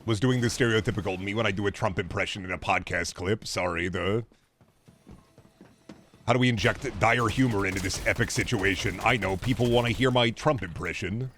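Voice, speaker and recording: A man's voice: on the low side, fairly quick, a bit bright. A young man streaming a game, riffing in a profane, sarcastic way in casual chatter.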